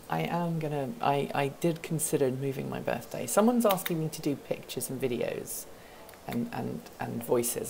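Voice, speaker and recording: A woman with a very low, heavily gravelly voice hosts a relaxed livestream from an office. She rambles, thinks out loud and picks up chat questions one after another, over a faint hiss. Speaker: host of a livestream hangout. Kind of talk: casual live-stream chat.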